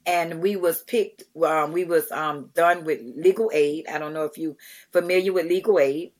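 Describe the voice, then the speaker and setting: Middle-aged woman, animated, conversational storytelling, frequent restarts. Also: low-pitched, moderate pace. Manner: animated, acts out quotes, many restarts. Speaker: guest, charity founder.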